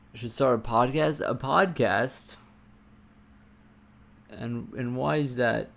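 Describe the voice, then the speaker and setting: Man, live-coding streamer; gravelly, unhurried, cursing under his breath, keys typing behind. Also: medium pitch. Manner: muttering to himself, swearing, excitable bursts. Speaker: livestreamer coding a game.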